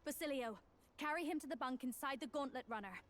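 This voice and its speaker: A woman's voice: sits high, a little fast, close to an everyday voice. A woman voicing a blunt young warrior companion in a fantasy game, issuing orders. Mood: commanding. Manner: commanding, blunt.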